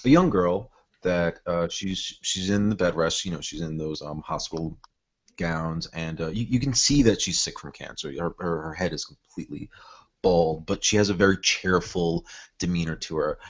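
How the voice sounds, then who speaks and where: A man's voice: deep voice, normal speed, highs cut off. A man playing a tabletop game who describes the scene in a rambling way, full of fillers.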